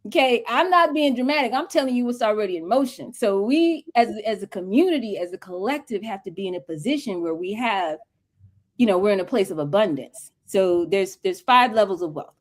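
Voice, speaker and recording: A woman's voice: medium pitch, lively intonation, a little fast. A woman speaking as a guest mentor on a livestream interview, talking in an emphatic, preachy, colloquial way over a video call.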